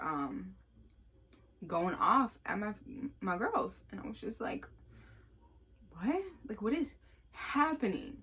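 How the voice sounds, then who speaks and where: A young woman casually telling a story, animated, acting out what people said, with lots of fillers. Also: fairly low pitch, slightly rough. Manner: animated, acts out quotes, many fillers.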